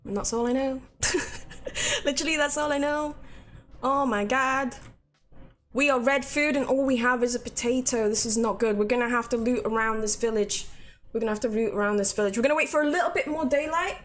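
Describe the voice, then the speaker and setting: A woman's voice: on the high side, fairly quick. A young woman chatting casually to her live-stream viewers, swearing freely and laughing easily. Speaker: game streamer.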